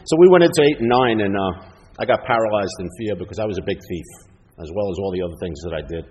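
A middle-aged man sharing his recovery story at a twelve-step meeting, acting out other people's lines in lively bursts. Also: fast talker, dull audio. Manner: storytelling, acts out others' lines with big jumps in pitch and loudness. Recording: long hall reverb, faint background noise.

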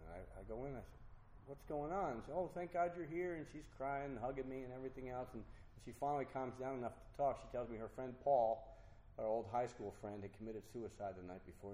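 A middle-aged man earnestly telling a personal recovery story to an audience, with halting restarts. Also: medium pitch, dark tone. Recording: roomy hall with faint noise.

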